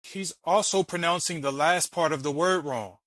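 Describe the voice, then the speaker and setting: A man's voice: a little high, moderate pace, a bit bright, no echo, poor audio. A man hosting a reaction video, arguing and mocking while he explains letter by letter. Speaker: channel host reacting to a debate clip. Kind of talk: argumentative commentary.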